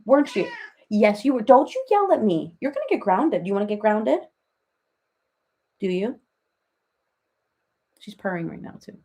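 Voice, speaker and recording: A woman's voice: medium pitch, very animated, moderate pace, long pauses, mellow, husky. A woman playing a rambling, chatty reality-TV woman in a comedic parody livestream, who baby-talks her cats and answers viewers by name. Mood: scolding.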